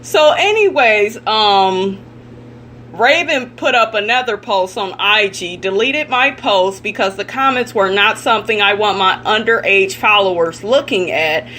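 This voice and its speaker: Woman vlogger, bright edgy voice, blunt cussing rant, faint hum behind. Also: medium pitch, a little slow. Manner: blunt, profane and indignant, addressing viewers directly. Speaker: celebrity gossip vlogger. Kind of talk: ranting commentary vlog.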